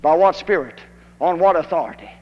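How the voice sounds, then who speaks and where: A preacher from Kentucky, delivering a fiery old-time holiness sermon that rises to shouted emphasis. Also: male voice, fairly high pitch, expressive, brisk. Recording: dull archival tape in a hall.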